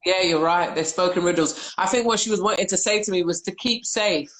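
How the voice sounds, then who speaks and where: A woman's voice: on the low side, fairly quick. A woman hosting a live discussion, telling reflective stories and reading viewer comments aloud over a video call. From United Kingdom. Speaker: host. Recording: roomy echo.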